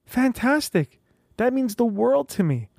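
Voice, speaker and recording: A man's voice: extremely high pitch, a little slow, vocal fry, dry recording, studio quality. A man hosting a podcast, talking casually on his own and acting out what other people said to him. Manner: chatty and animated, acts out quoted voices. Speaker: podcast host. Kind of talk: casual solo podcast monologue.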